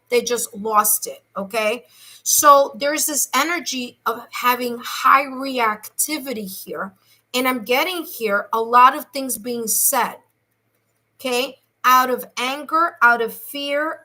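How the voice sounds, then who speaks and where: A woman's voice: a little high, bright, forceful tone. A woman giving a live tarot reading to her viewers, chatty, often asking "okay?" and stretching out key words. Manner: chatty, repeats "okay?" and "here's the thing"; speaks to viewers directly, slows to stress key words. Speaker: tarot reader.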